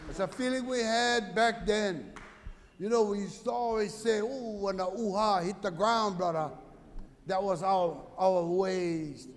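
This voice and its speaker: A middle-aged activist from the Big Island speaks at a conference in a Hawaiian Pidgin accent, his voice sitting high for a man. He talks slowly and with passion, moving between loud, raised lines and quiet ones. His words ring with a long echo in a large hall. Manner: impassioned, swings from loud to quiet. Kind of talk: conference talk.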